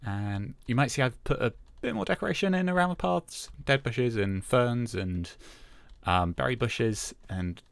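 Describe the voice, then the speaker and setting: Relaxed male let's-play host, medium pitch, halting filler-heavy delivery, dry recording. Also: creaky, dry recording. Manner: hesitant, lots of "uh" and "um" fillers; relaxed, self-talking as he plays. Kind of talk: casual gameplay commentary.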